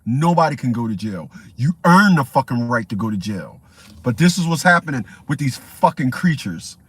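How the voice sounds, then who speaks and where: A man's voice: medium pitch, big pitch swings, normal speed, fairly bright tone, husky. A man ranting profanely in a rambling, repetitive commentary vlog. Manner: profane, rambling, repeats himself. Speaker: vlogger.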